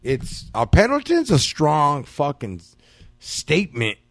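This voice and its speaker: A man's voice: fairly high pitch, wildly swooping pitch, slow pace, vocal fry, fairly bright tone, no room sound, studio quality. A man hosting a podcast, telling profane, slang-heavy stories in casual chat. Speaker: podcast host.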